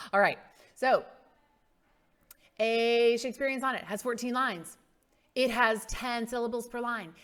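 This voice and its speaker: A woman's voice: fairly high pitch, a bit bright. A woman teaching a casual mini-lesson, playful and emphatic, who exaggerates word stress to make her point. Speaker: English teacher.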